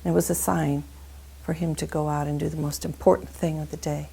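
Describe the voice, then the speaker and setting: Woman telling a story, very gravelly and low, mellow and husky, dramatic with sounds. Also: little pitch movement, fairly quick, low-quality recording. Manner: dramatic, dwells on sound words. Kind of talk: storytelling practice.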